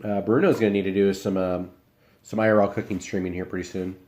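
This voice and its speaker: A man's voice: sits low, fast. A young man from Iowa, chatting casually with his live stream viewers and answering their comments while he eats. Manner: relaxed, rambling, talks while eating.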